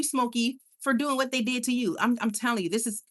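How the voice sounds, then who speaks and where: This young host keeps her live stream casual, reading out what viewers write and answering with lively emphasis. She laughs quickly, says things over again, and speaks on the higher side.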